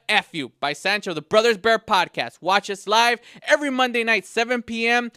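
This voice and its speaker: A man's voice: sits high, moderate pace, few pauses, sharp tone, smooth, dry recording, clean studio sound. A man hosting a podcast segment, delivering an exasperated comedic rant with frequent stumbling restarts. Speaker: podcast host.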